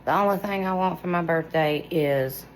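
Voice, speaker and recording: A low-voiced woman in her forties with a drawl speaks in a chatty, excitable vlog style. She talks right at her viewers, full of enthusiasm. A faint background noise sits under her voice. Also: moderate pace, poor audio. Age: 40s. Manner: excitable, chatty, talks straight to viewers with lots of "y'all" and "listen". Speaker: vlogger reviewing products. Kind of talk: casual product review vlog.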